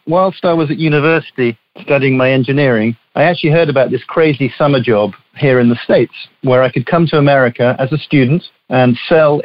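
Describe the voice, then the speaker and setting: A man's voice: mid-range voice, muffled recording. A man in his fifties with an English accent, a company chief telling his story as a podcast guest in easy, chatty talk. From southeast England. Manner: chatty storyteller with small restarts. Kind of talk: casual interview chat.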